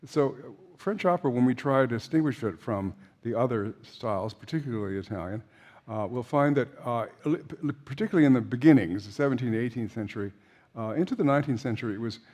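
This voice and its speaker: A man's voice: mid-range voice, expressive, quick pace, darkish tone. An older man giving an informal opera lecture to a class, chatty and anecdotal, with frequent fillers and restarts.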